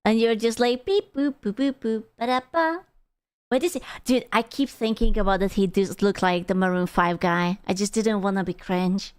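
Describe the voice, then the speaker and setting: A woman's voice: medium pitch, steady tone, normal speed, hardly any pauses, clear, resonant tone, dry recording. A woman streaming casually, reacting to a video with sarcastic, giggly mockery.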